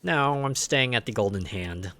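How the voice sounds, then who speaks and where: A man voicing a calm, courteous middle-aged painter in a story-driven video game, in a near-natural voice. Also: mid-range voice, moderate pace. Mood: polite.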